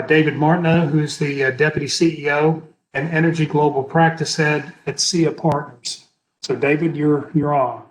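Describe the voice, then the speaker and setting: A man's voice: fairly high pitch, rough recording. A man moderating an online panel, easygoing and a bit repetitive with fillers. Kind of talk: webinar moderation.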